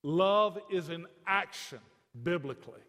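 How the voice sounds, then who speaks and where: A man's voice: sits high, unhurried, sharp tone, long reverb tail. A man preaching a sermon to a congregation, with a conversational, joking manner. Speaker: pastor.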